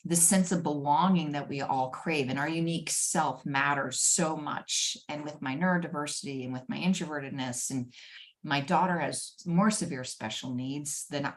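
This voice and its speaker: A woman with a low voice is being interviewed over a video call. She tells her stories in an animated, conversational way and laughs now and then. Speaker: guest, former head of HR.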